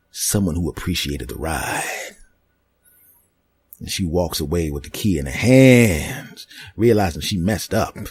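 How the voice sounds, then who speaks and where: Low husky man telling crude comic stories. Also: a little mellow, dry recording. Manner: crude, rambling, mock-dramatic. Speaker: podcast host. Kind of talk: comedic storytelling monologue.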